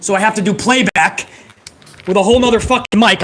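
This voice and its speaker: A man giving live, profane play-by-play reaction to a wrestling broadcast, excitable and joking. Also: sits high, a little fast. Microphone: headset.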